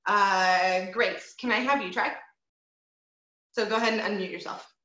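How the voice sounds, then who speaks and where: Unhurried yet pushed and bright, this woman's mid-range voice leads a group voice lesson held online. She encourages the students and demonstrates sounds while explaining, owl hoots and bird sounds among them. Everything arrives through echoey, dull, lo-fi call audio.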